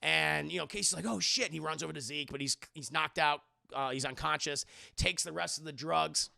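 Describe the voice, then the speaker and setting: A man with a gravelly, bright voice, rambling through a movie recap on a livestream. He swears freely and often corrects himself mid-sentence. The sound is dry and close. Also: fairly high pitch, fairly even intonation, a little fast, dry recording. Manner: rambling, profane, self-correcting. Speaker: movie reviewer and streamer. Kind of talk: casual film recap on a livestream.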